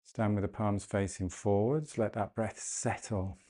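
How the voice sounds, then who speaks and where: A man leading a guided breathing and mobility class, cueing calmly and gently, often slowing down and repeating phrases. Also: on the low side. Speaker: movement and breathwork instructor. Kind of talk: guided exercise class instruction.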